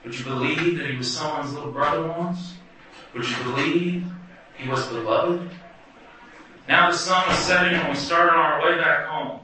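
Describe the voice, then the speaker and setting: A man's voice: a little high, normal speed, bright, forceful tone, recorded from a distance, a little hiss or hum. Wry man telling a story in an echoey hall. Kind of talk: first-person story performed live.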